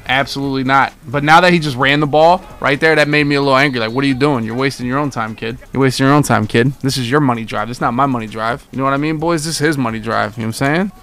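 A man's voice: mid-range voice, very fast, few pauses, a bit bright. A young man streaming a football video game, giving hyped, trash-talking live commentary to his chat and repeating himself as he plays. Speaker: gaming streamer.

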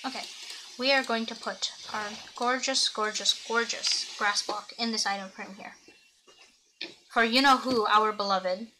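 A woman's voice: a little high, steady tone, a little slow, sharp tone, low-quality recording. A young woman streaming a video game, chatting to her viewers and thinking aloud as she plays. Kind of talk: casual gameplay commentary. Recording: audible background noise.

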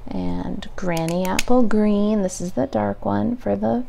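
A woman's voice: mid-range voice, slow, creaky, background noise. A woman demonstrating a craft project step by step, chatting and thinking aloud as she works at a home craft table.

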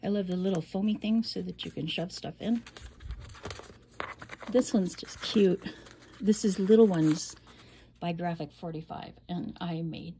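A middle-aged woman casually shows off a handmade album, chatty and rambling, with frequent laughs and whispered asides. Her mellow voice is fairly low, a little slow, with long pauses. Slight background noise is audible.

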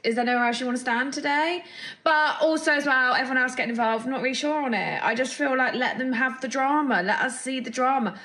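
A woman's voice: high-pitched, a little fast, bright, forceful tone. A young woman hosting a casual gossip show, chatty, gushing and opinionated. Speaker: host.

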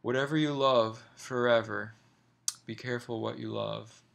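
A man voicing a soft-spoken young woman. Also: medium pitch, steady tone, vocal fry. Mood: playful. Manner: soft, quick, apologetic. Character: young woman, tender but evasive.

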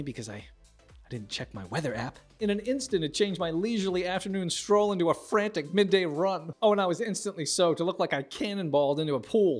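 A middle-aged man from the United States delivers an observational stand-up monologue. He jumps into higher voices to play the people in his stories. Faint music sits under him. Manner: animated, acts out characters with big pitch jumps. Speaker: stand-up comedian.

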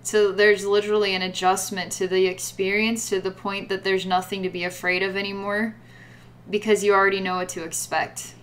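A psychic reader gives a rambling guided reading, full of fillers and repeated words. Her mid-range voice is flat and brisk.

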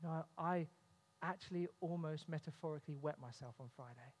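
A man with a high voice delivers an earnest sermon and mixes in humorous stories from home. His words ring out under the long reverb of a church hall. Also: brisk. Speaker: pastor. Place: church sanctuary.

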